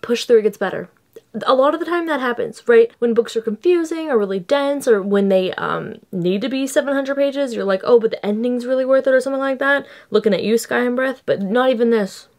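A woman's voice: a little high, brisk, a little mellow. A young woman book vlogger talking casually and with exasperation to her viewers, breaking off for asides. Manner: chatty and exasperated, with laughs and asides. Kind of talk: casual reading vlog.

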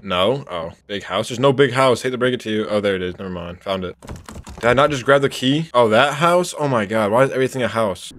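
A man's voice: medium pitch, fairly quick. A man streaming a horror game, reacting jumpily, swearing, and talking to his chat. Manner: jumpy, swears, shouts when scared, talks to chat. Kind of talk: horror game let's play commentary.

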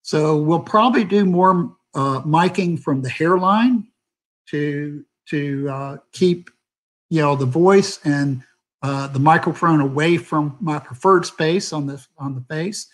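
A man's voice: fairly high pitch, slow. A man, a theater sound designer, talking candidly and rambling with many fillers on a video call. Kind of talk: panel talk on a video call.

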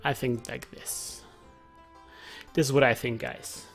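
A man's voice: mid-range voice, fairly even intonation, takes it slowly, a bit bright, soft background music. A man giving casual let's play commentary, chatty, thinking aloud and reading game text aloud.

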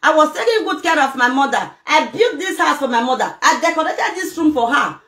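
Middle-aged Nigerian woman, Pidgin-accented, lively pitch, emphatic rant to camera, bright tone. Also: brisk. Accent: Nigerian Pidgin English. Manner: emphatic, fires rhetorical questions, mixes local language words. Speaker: vlogger. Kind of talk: emotional direct-to-camera rant. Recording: echoey room with faint noise.

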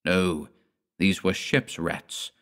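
A man reading a horror story aloud in measured, dramatic storytelling. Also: deep voice, fairly even intonation, fairly bright tone. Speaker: narrator. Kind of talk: scripted horror audiobook narration.

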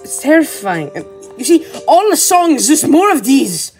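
High, lively woman reacting with swearing. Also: unhurried, soft background music. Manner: exasperated, laughing, profane. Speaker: video reactor. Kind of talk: casual reaction commentary.

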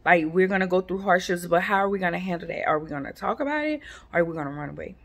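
A woman, chatting casually to her viewers in a rambling, relaxed way with lots of fillers. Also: on the low side, racing. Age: 40s. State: sleepy, yawning. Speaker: vlogger. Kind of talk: casual chat to camera.

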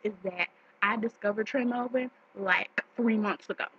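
A woman's voice: medium pitch, moderate pace, a bit bright, muffled recording, a little hiss or hum. A woman talking casually and chattily as a fan.

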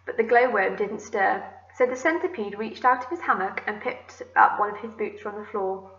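A woman teacher reading a children's book aloud to her class, gentle and expressive. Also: medium pitch, normal speed, reverberant, muffled recording. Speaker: primary school teacher.

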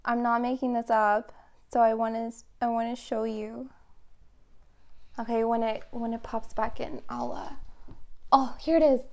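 A woman giving a casual tarot reading to camera, excitable and rambling with many fillers. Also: a little high, unhurried, long pauses. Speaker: tarot reader.

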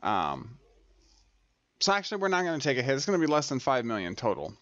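A man's voice: medium pitch, wildly swooping pitch, fast talker, a bit bright, dry recording. A man hosting a gaming channel, chatting casually over gameplay, thinking aloud and correcting himself as he goes. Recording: dry, slightly dull home recording.

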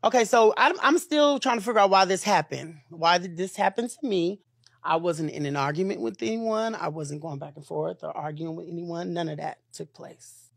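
A man speaks as a guest in a studio interview, emotional and animated, with religious exclamations. The sound is dry and close. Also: sits high, moderate pace, vocal fry, dry recording.

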